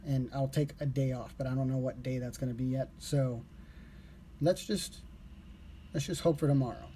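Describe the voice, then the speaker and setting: Man, casual live streamer, loose rambling delivery with self-corrections; mellow tone, faint background noise. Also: medium pitch, normal speed. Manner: relaxed, rambling, corrects himself aloud. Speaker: live streamer learning Japanese.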